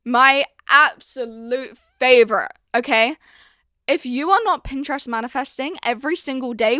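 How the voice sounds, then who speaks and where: A woman's voice: high-pitched, normal speed, bright, forceful tone, no echo, studio quality. A young woman hosting her own podcast in casual chat, confiding and chatty, acting out her own stories as she goes. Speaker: podcast host.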